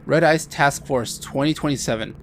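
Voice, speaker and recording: A man's voice: mid-range voice, normal speed, noisy background. A man giving casual gameplay commentary, reading in-game text aloud and adding wry asides.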